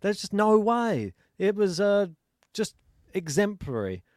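A man co-hosting a podcast, chatting casually about tennis, animated and laughing often. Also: sits high, slow, no room sound, clean studio sound. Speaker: podcast co-host.

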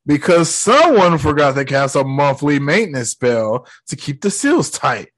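A man's voice: fairly high pitch, big pitch swings, a little slow, a bit bright, no room sound. Slangy man recapping a movie animatedly. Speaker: video host.

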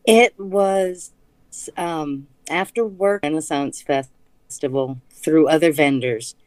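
Deep-voiced, slow woman guest. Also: a little mellow, no room sound. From Louisiana. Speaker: guest, small food business owner. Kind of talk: podcast interview.

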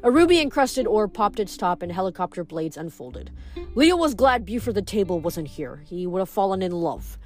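A woman reading chapters of a novel aloud in steady storytelling narration. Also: medium pitch, normal speed, soft background music. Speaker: reader.

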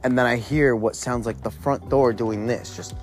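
A man's voice: medium pitch, steady tone, moderate pace, soft background music. A man hosting a podcast, telling a spooky personal story in a rambling, profane, conversational way. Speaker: podcast host.

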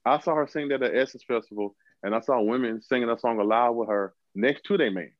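A man's voice: medium pitch, quick pace, dry recording, muffled recording. A man co-hosting a podcast, emphatic and repeating himself to press his point in casual chat. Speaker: podcast co-host.

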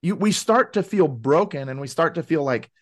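A man as a podcast guest, telling a story in a casual, animated way and acting out quoted voices. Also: fairly high pitch, normal speed. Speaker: podcast guest, wellness advocate.

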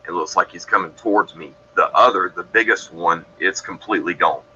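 This is a man with a deep, low voice and a bright, forceful edge. He tells his story casually on a podcast, rambling and correcting himself as he goes. The recording sounds a little dull, with a faint hiss underneath. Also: fairly quick. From Georgia, USA. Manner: rambling, self-correcting, matter-of-fact. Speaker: guest describing encounters.

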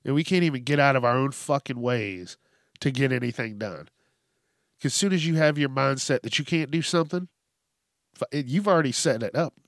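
A man's voice: mid-range voice, a little fast, no echo, studio quality. A man hosting a solo podcast, joking and cursing often as he talks through listener questions. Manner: profane, joking, laughs often. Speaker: podcast host.

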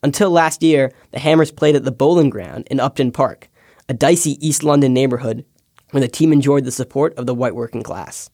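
A young man, a podcast intern, reading a scripted personal essay with wry, deadpan asides. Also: medium pitch, a little fast, no echo, clean studio sound. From United States. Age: young adult.

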